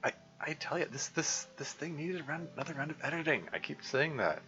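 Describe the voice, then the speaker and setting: Man, streamer, casual commentary, rambling asides, bright tone, dull lo-fi sound. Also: fairly high pitch, animated, a little fast, soft background music. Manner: rambling, self-interrupting asides with laughs. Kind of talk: casual live playthrough commentary.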